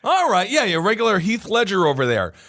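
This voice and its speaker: A man's voice: high-pitched, wildly swooping pitch, a little fast, fairly bright tone, no echo. A man co-hosting a comedy podcast, reading out a story in casual chat with wry joking asides. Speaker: podcast co-host.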